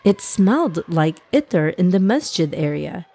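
A woman reading a children's story aloud in a gentle, even storytelling manner. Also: on the low side, measured pace, slightly rough.

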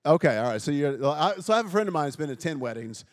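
A middle-aged pastor preaches to his congregation in a light, self-mocking way, tossing questions out to the room. His voice is slightly higher than most men's. The sound carries a long reverb from a large church hall. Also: big pitch swings, fast talker. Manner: joking, self-deprecating, quizzes the congregation. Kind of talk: humorous sermon. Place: church sanctuary before a congregation.

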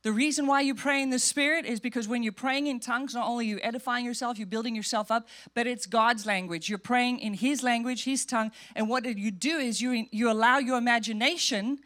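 A woman's voice: fairly high pitch, fairly even intonation, a bit bright. Woman pastor preaching with playful humor. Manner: conversational and humorous, acting out quick voices of churchgoers. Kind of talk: sermon.

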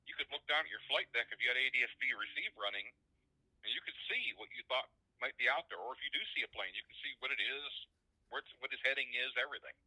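A man's voice: mid-range voice, animated, quick pace, pushed and bright, husky, dry recording, poor audio. A man, a guest on a paramotoring show, explaining technical details step by step with frequent hesitations. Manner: matter-of-fact, explains step by step with many uhs. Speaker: guest, paramotor pilot and electronics builder.

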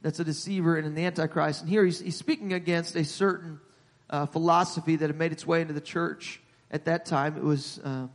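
A man preaching a sermon to his congregation in a church, repeating words as he builds and rising in pitch and volume at the high points. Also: fairly even intonation, fairly quick. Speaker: pastor. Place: church sanctuary. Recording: long hall reverb.

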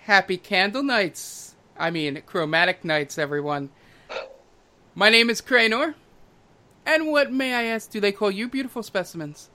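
Guy doing a flirty half-elf dude, high and bright, real theatrical. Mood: flirtatious. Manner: theatrical, flirty, drawn-out greeting. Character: flamboyant flirtatious male half-elf townsman.

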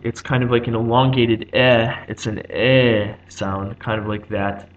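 A man's voice: mid-range voice, fairly bright tone, rough recording. A man giving an unscripted explanation like a teacher. He thinks aloud, with frequent ums and restarts.

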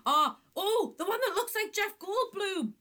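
A woman co-hosting a casual podcast chat, teasing and quick to laugh. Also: very high voice, lively intonation, sharp tone. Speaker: podcast co-host.

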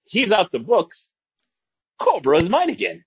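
A man's voice: high voice, a little slow, creaky, slightly rough, no echo. A man co-hosting a podcast, chatting casually and animatedly. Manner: animated, acts out scenes. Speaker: podcast co-host. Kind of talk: casual chat. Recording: dull dry lo-fi sound.

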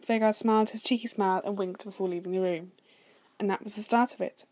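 Soft-spoken woman reading a story. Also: medium pitch, fairly even intonation, quick pace. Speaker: story reader. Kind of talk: read-aloud fan fiction narration.

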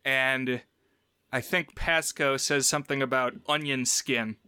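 Bright, smooth-voiced man talking films. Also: medium pitch, measured pace, no room sound, studio quality. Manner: animated retelling, quoting characters in raised voices. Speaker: podcast co-host. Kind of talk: casual film review chat.

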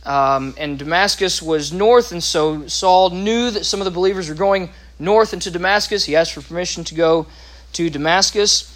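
A man's voice: high-pitched, moderate pace, a bit bright. A man teaching a Bible lesson, explaining scripture with asides and restarts.

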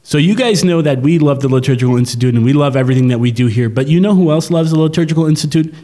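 A man's voice: on the high side, rapid-fire, warm tone. A man co-hosting a podcast who jokes around and reads listener mail aloud. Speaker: podcast co-host. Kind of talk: casual chat.

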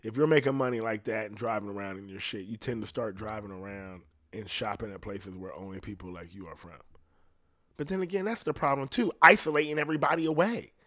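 A man's voice: on the low side, a little fast, a bit bright, dry recording, studio quality. Profane man musing casually on a podcast. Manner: profane, conversational, laughs at himself. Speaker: podcast host. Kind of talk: casual rambling monologue.

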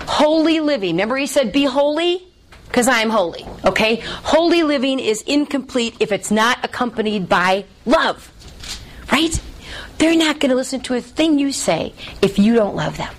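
A woman leads a Bible study in a fairly high voice. She keeps checking in with her class, asking them to finish her sentences, with a faint hiss behind her. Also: moderate pace. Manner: lively, checks in with "okay?" and asks the class to fill in answers.

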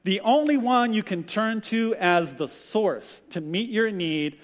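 High-voiced male pastor in a reverberant hall. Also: takes it slowly. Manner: animated storyteller who acts out quoted voices. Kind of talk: sermon.

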